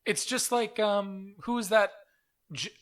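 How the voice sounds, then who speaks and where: A man's voice: sits high, slow, a bit bright. A young man co-hosting a podcast, chatting casually and teasing his friend. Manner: teasing, laughs often. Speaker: podcast co-host. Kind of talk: casual chat.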